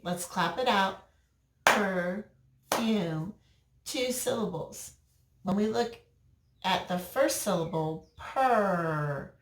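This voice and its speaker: A woman teacher giving a recorded phonics lesson to young children, slow and patient, drawing out words for them. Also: medium pitch. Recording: roomy echo, mic at a distance.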